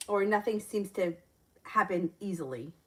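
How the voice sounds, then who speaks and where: A woman's voice: mid-range voice, lively intonation, normal speed. A woman reading viewers' questions aloud and answering them as a tarot reader on a live stream, chatting and laughing between readings.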